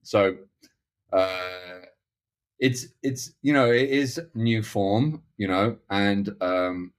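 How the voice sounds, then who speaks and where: A man's voice: on the low side, extremely slow, smooth. A middle-aged man talking as a podcast guest, rambling with many restarts and fillers. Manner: acts out other people's lines in quoted voices. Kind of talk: casual conversational interview.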